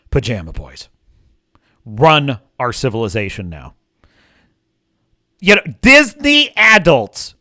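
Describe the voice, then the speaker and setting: A man's voice: sits high, sharp tone, dry recording, studio quality. A man hosting a livestream, reading chat aloud and ranting sarcastically with frequent swearing. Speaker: livestream host. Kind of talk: casual chat reading live chat.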